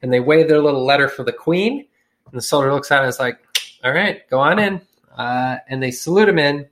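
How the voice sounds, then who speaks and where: A man spinning a comic story in loose, slangy, profane talk, with a mid-range voice. He jumps into quick voices for the people in his tale. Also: mid-range voice, fairly bright tone. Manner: profane, slangy, acts out characters with shifting voices. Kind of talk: casual comedic storytelling.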